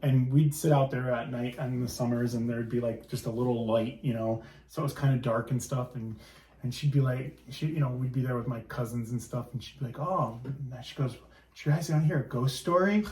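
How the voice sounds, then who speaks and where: A man's voice: medium pitch, fairly even intonation, fairly quick, dark tone. Reminiscing man in a roomy space. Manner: rambling, reminiscing, fond. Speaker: podcast guest. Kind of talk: casual chat.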